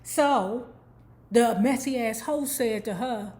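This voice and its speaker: A woman tells a celebrity's life story as casual commentary. She is animated and gossipy, swears freely, and breaks into snatches of song. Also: fairly high pitch, slow pace. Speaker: YouTube host.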